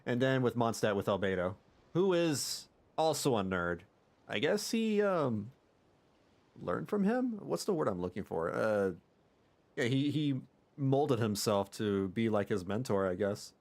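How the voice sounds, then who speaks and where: A young man casually commenting on a game while livestreaming, with chatty, animated reactions. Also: mid-range voice, unhurried. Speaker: streamer.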